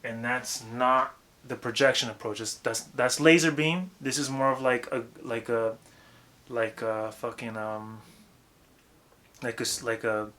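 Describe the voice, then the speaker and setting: Man, young adult, bright tense timbre, casual profane vocal coaching, loose rambling delivery. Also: mid-range voice, steady tone, unhurried. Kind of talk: casual vocal technique lesson.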